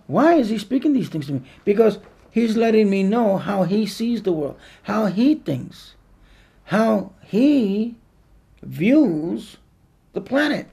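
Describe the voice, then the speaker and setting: Gravelly, slow-talking male preacher. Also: high voice, warm tone. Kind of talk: sermon.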